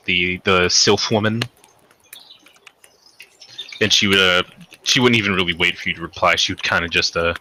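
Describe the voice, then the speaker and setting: A man narrates a tabletop game as game master, rambling along with many fillers and restarts. His voice sits fairly low, with a very bright, edgy tone and faint noise behind it.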